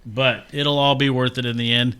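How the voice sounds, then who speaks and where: A man's voice: mid-range voice, level tone, normal speed, pushed and bright, clear, resonant tone. A man hosting a casual interview, friendly and joking, with some restarts. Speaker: host, runs a radio and TV station.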